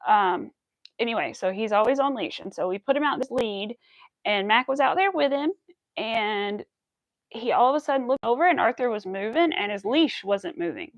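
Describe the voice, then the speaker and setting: A woman's voice: on the high side, expressive, moderate pace, dry recording, lo-fi sound. A woman hosting a crochet livestream, chatting casually and rambling to her viewers as she works. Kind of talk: casual chat while crocheting.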